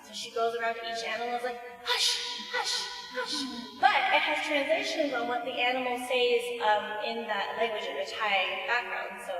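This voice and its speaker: A woman's voice: brisk, hardly any pauses, fairly bright tone. A woman librarian giving a casual, chatty conference talk about storytime books, with lots of "like" fillers. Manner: casual and chatty, says "like" a lot; acts out story voices with big pitch jumps. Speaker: children's librarian, keynote speaker. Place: large conference hall. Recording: echoey hall recorded from far off, faint music.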